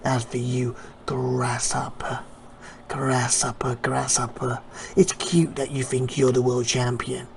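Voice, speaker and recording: A man voicing a smug male wrestler who talks down to rivals slowly and quietly, sometimes in a whisper. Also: mid-range voice, level tone, vocal fry, background noise.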